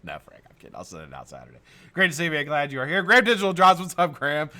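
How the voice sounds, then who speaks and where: A man's voice: fairly high pitch, wildly swooping pitch, rapid-fire, bright, forceful tone. An American man hosting a live stream in casual chat, greeting viewers by name, swearing and laughing often.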